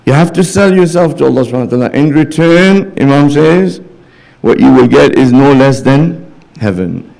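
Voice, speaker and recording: A man's voice: animated, normal speed, creaky, darkish tone. A man giving a religious sermon in a mosque hall, retelling stories with quoted dialogue and rising to impassioned pleading. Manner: rises to impassioned, high-pitched pleading near the end. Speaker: religious speaker. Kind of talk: majlis sermon.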